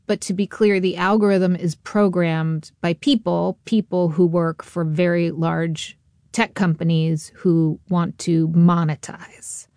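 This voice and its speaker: A woman's voice: on the low side, fairly even intonation, slow, darkish tone, dry recording, studio quality. A woman radio host interviewing a guest, jumping in with curious follow-up questions. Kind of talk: interview conversation.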